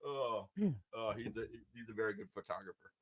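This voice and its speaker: A man's voice: fairly low pitch, brisk, a bit bright, breathy edge. A man co-hosting a podcast, giggly and teasing in casual banter. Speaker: podcast co-host.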